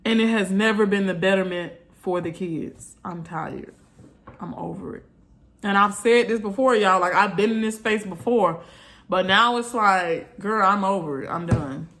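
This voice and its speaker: A woman's voice: mid-range voice, normal speed, fairly bright tone. A woman vlogger, venting bluntly and repeating herself in an exasperated rant to her viewers.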